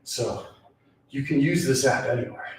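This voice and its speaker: A young fitness vlogger chats casually while working out in a small gym, sighing and catching his breath between exercises. His voice is medium-pitched at a normal speed, heard in an echoey room with slight background noise.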